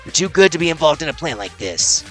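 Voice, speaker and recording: A blunt dead young man giving earnest advice, as a man voices him, his voice bright and forward. Faint music sits behind. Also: a little high, sing-song, fast, voice pushed up.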